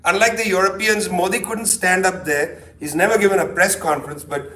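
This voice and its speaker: High-voiced man lecturing in an echoey hall. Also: a little fast. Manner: animated, sardonic, peppered with asides. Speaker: keynote speaker. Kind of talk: conversational lecture. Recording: echoey hall, distant mic.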